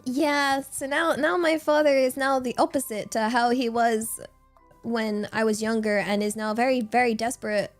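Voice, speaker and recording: A woman's voice: on the high side, fairly even intonation, moderate pace, soft background music. A young woman from England, streaming casual chat and telling a rambling story full of fillers and laughs.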